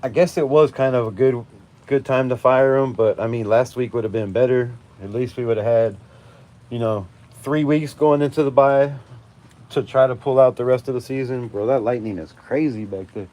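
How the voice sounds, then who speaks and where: Speaking at a normal speed in a mellow, mid-range voice, a forty-something fan channel host rants live outside on a stormy night. He curses heavily, stresses his points and laughs frequently.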